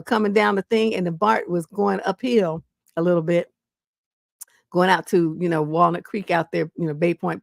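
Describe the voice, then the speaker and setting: A woman host, telling stories on a casual livestream in a blunt, profane, animated way. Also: fairly low pitch, creaky, dry recording, studio quality. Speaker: relationship coach, live stream host.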